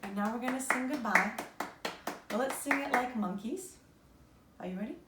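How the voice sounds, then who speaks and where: A woman's voice: fairly high pitch, moderate pace, roomy sound, far from the mic, very noisy. A woman hosting children's story time, encouraging the kids directly as she leads an act-out.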